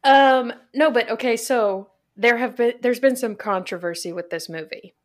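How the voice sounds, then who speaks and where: An American woman co-hosting a casual podcast chat, talkative and quick to laugh. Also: a little high. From United States. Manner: chatty, laughs often. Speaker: podcast co-host.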